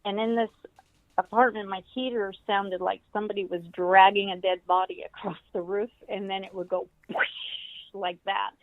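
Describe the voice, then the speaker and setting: Older woman, guest author, animated storyteller, tinny phone-like sound, dry. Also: mid-range voice, normal speed, no echo. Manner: animated storyteller, acts out quoted voices. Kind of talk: storytelling in an interview.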